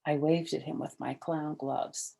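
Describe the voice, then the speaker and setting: Reading from a children's chapter book, an older woman uses a deep, gravelly, husky voice and takes her time. The lively passages come out animated, while the quiet ones are soft and hushed.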